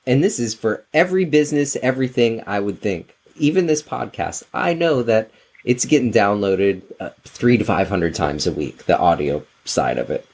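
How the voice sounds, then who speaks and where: A man's voice: fairly low pitch, lively intonation, moderate pace, darkish tone. Man hosting a casual podcast. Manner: conversational, rambling questions. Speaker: podcast host.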